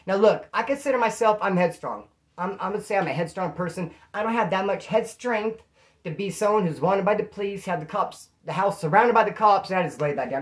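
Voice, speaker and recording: A man's voice: high voice, brisk. A man telling stories to the camera in a casual, slangy way, acting out quotes in a raised voice. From California. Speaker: storyteller.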